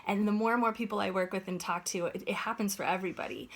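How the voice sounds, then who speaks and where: A woman's voice: mid-range voice, quick pace. A woman giving an earnest, conversational motivational talk as a life coach, often checking in with "right?".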